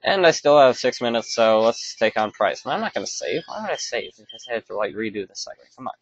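A man's voice: mid-range voice, lively intonation, fast, husky, highs cut off. Rambling man narrating his gameplay. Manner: rambling, self-correcting, offhand. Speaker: let's play commentator. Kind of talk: casual gameplay commentary.

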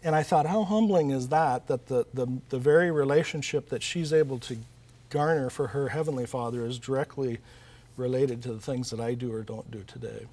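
A male author being interviewed, middle in pitch. He talks earnestly and tells stories at a conversational pace, often restarting his sentences as he goes. His speech is warm and sincere rather than polished. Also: fairly quick. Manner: earnest, storytelling, with frequent restarts. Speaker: author and guest.

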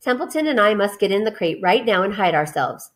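A woman as a soft-spoken wise spider. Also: medium pitch, sing-song, close to an everyday voice. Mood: calm. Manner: soft, measured. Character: calm wise female spider.

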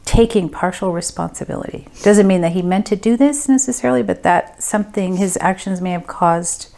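During a group reading, a woman medium reasons out loud casually and uncertainly, pausing often and using many fillers. Her mid-range voice is dark in tone and has vocal fry.

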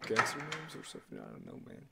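Over loud music, a young YouTuber with a gravelly, rather high voice talks fast while playing a horror game live. He curses constantly, shrieks and yelps at the scares, repeats himself, and stays loud and excitable.

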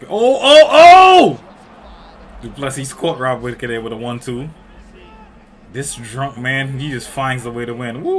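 A man in a home room watching a fight and talking over it, his voice at an ordinary middle pitch. He calls the action in loose, excited bursts, swears freely and shouts when the fight heats up. It sounds like a desk mic in a home setup. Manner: loud excited outbursts and profanity, often shouting and laughing. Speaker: fight reaction streamer. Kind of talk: excited live fight commentary.

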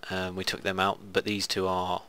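A man's voice: low voice, completely flat delivery, moderate pace, sharp tone, clean tone. A man giving rambling, casual commentary while playing a strategy game. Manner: rambling, muttering asides to himself. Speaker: gaming video host. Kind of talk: casual let's play commentary.

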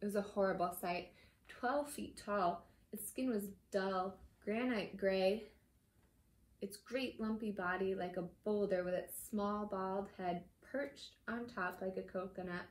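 A woman's voice: medium pitch, fairly even intonation, a little slow. A woman reading a novel aloud in a casual storytelling manner, now and then slipping and correcting herself. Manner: warm casual storytelling, occasional slips and self-corrections. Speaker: reader. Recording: echoey room.

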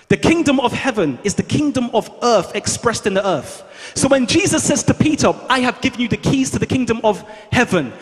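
High-voiced man preaching in a hall. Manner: fervent, call-and-response preaching, rising to shouts. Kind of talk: sermon. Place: church hall. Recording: long reverb of a large hall.

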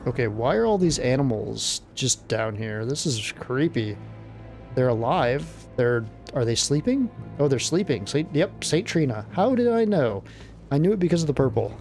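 A man giving casual, excitable let's-play commentary, blurting out exclamations as he plays. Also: medium pitch, moderate pace, soft background music. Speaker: gameplay commentator.

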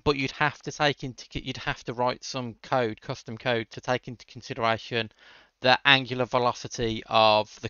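Guy hosting a dev stream, answers chat w/ dry jokes, smooth clear voice, kinda muffled audio. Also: mid-range voice, bright, forceful tone, no room sound. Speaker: livestream host. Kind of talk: casual coding livestream chat.

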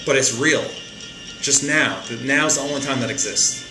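A man's voice: mid-range voice, moderate pace, echoey room, over music. A man giving a casual spiritual monologue from a chair at home, emphatic and repetitive, with frequent stumbling restarts. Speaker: spiritual talk host. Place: room in a home, seated on a chair.

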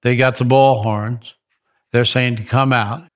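An older man, a ministry founder, telling stories in an animated interview and repeating phrases for emphasis. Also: medium pitch, unhurried. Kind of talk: storytelling interview.

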